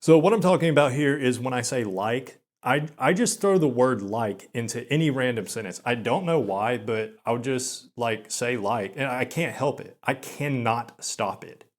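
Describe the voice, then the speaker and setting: A young man talking slowly in a flat monotone, with many filler words and quick stutters, in a self-deprecating vlog monologue. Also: mid-range voice. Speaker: channel host.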